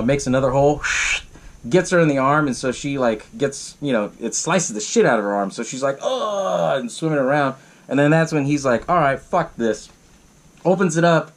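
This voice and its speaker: A man hosting a podcast, casually recapping a horror movie in a loose, profane way full of fillers. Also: mid-range voice. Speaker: podcast host.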